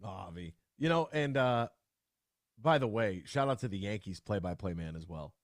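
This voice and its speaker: A young man hosts a sports talk radio show in an animated, ranting way, his pitch leaping all over the place. The sound is close and dry, with no room around it. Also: normal speed, no room sound. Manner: animated, ranting with sudden loud outbursts.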